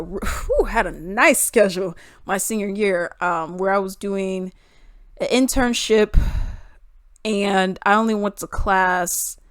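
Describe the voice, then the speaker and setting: A woman's voice: mid-range voice, no echo. Emphatic young woman vlogger, dry sound. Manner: emphatic, with rhetorical questions. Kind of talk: opinionated commentary monologue.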